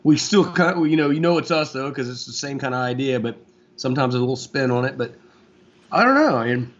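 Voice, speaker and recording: Speaking fairly quickly in a mid-range voice, a man in his forties from Florida rambles easily through a casual interview as a guest guitarist, leaning on plenty of fillers. The sound quality is dull and lo-fi.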